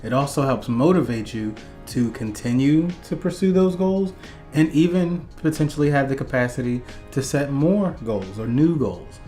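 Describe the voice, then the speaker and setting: A man's voice: medium pitch, moderate pace, dark tone, soft background music. Supportive man co-hosting a couples chat. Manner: supportive, affirming, adds his own points. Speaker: co-host of a couples channel. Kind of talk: casual relationship advice chat.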